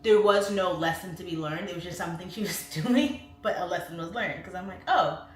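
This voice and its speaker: A woman's voice: lowish voice, brisk. Chatty woman livestreaming from home. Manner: chatty and rambling, reads viewer comments aloud. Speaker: live stream host. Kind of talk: casual livestream chat. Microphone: phone on its side. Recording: echoey room with faint music.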